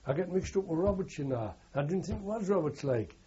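A man's voice: fairly high pitch, lively intonation, a little fast, warm tone, husky, lo-fi sound. An older man, a war veteran, telling rambling anecdotal recollections in an interview. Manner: rambling anecdotal, frequent "you know" and "like". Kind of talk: oral history recollection.

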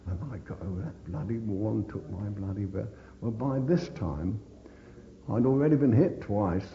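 A man's voice: on the low side, normal speed, a little hiss or hum. An older man recounting his wartime experiences in an oral history interview, blunt and swearing constantly as he tells the story. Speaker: veteran interviewee. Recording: dull echoey recording in reverberant room.

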